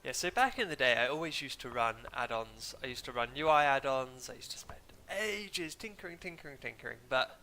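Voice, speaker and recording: A man's voice: medium pitch, lively intonation, fairly quick, hardly any pauses, pushed and bright, slight background noise. A young man chatting casually while streaming a game, in a rambling, droning way and sniffling from hay fever. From England. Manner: rambling, chatty, self-deprecating. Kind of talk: casual gaming stream commentary. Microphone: desk mic, muted now and then.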